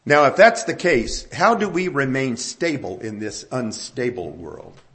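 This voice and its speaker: Animated older male preacher. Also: medium pitch, a little slow. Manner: animated storytelling, rising emphatic questions. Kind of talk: sermon.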